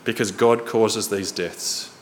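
A man preaching a sermon in a church hall, earnest and storytelling, slowing and quickening for emphasis. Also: fairly low pitch, steady tone. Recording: reverberant hall, faint noise.

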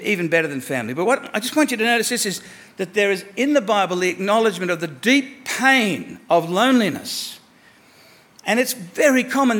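A pastor with a high-pitched voice preaches emphatically to his congregation. He repeats words for emphasis and swings between quiet asides and loud proclamations.

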